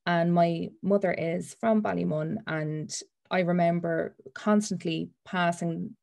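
A woman's voice: lowish voice, steady tone, unhurried, creaky, darkish tone. A woman author, reading from her book and answering interview questions earnestly and enthusiastically.

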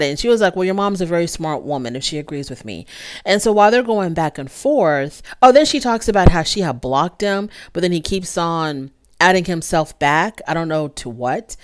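Woman doing a laid-back tv recap, lowish voice, acts out the quotes. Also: clear, resonant tone. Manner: chatty, acts out quotes with pitch jumps. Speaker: TV recap host. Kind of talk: casual episode recap.

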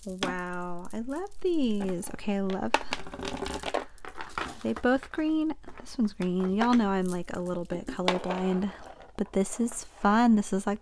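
Gushing craft vlogger woman, slow delivery. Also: medium pitch, noisy background. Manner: gushing, excited, drops to soft whispers. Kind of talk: casual unboxing chat.

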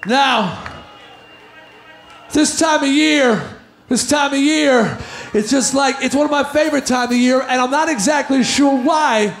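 A male comedian from the New York area doing a loud, exasperated stand-up routine. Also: very high voice, unhurried, creaky, pauses often, reverberant, slight background noise. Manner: loud, shouting, exasperated storytelling.

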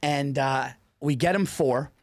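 A man hosting a podcast, telling a story in casual, animated chat. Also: mid-range voice, slow pace, no echo, studio quality. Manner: storytelling, animated, restarts often. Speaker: podcast host.

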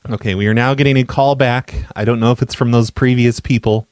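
A man hosting a comedy show, making prank phone calls in a stammering, mock-apologetic, deadpan way. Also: mid-range voice, brisk, dry recording. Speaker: prank caller and show host.

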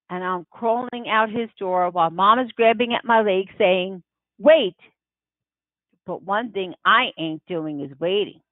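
A woman reading a children's novel aloud in the first person, unhurried and expressive. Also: lowish voice, no room sound. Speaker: audiobook reader. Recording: tinny phone-like dry sound.

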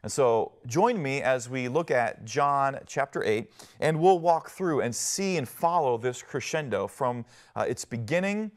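A pastor giving a televised sermon in an earnest, conversational way, often pausing with fillers and restarting his phrases. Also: medium pitch, animated. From Northwest Ohio.

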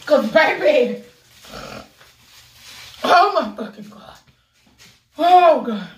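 Woman vlogger, high voice, slow talk, swearing loudly, in pain, echoey room, mic far off. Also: expressive, slight background noise. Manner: loud exclamations and heavy cursing. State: in pain from a burning mouth. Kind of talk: casual vlog talk.

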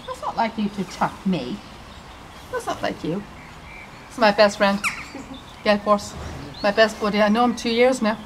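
A woman's voice: medium pitch, expressive, normal speed. Chatty woman talking to horses outdoors. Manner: chatty, repeats herself, coos and talks to the horses. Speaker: horse enthusiast vlogger. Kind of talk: casual commentary while filming horses. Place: outdoors at stud stables. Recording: outdoor camera audio with clear background noise. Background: outdoor ambience with horses and birds.

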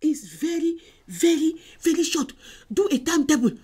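High-pitched, animated woman evangelist; exhorting sermon delivery, repeats lines, shouts now and then. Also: moderate pace. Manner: emphatic, repeats phrases, exhorting.

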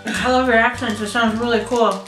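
A young woman vlogs while taste-testing snacks, chatting expressively and squeamishly as she goes. Her voice is on the high side and fairly bright, with fairly even intonation and a normal pace, recorded in an echoey room with light music.

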